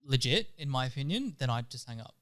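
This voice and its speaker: A man's voice: mid-range voice, sing-song, fast, a bit bright. A young man on a podcast, giving short, dry answers in casual chat. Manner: laconic, dry remarks.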